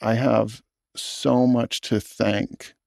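A man, a film director, talking in an interview in a thoughtful, earnest way with halting restarts. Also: mid-range voice, level tone, vocal fry, darkish tone, no room sound, clean studio sound. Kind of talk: reflective interview talk.

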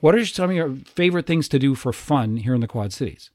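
A man's voice: medium pitch, expressive, fast, darkish tone. A man hosting a casual talk show, friendly and enthusiastic in his conversation. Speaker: host. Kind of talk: casual chat.

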